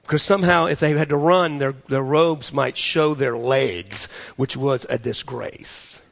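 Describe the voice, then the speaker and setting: A man preaching a sermon in an animated way, repeating phrases for emphasis. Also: mid-range voice, measured pace, vocal fry. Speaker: pastor.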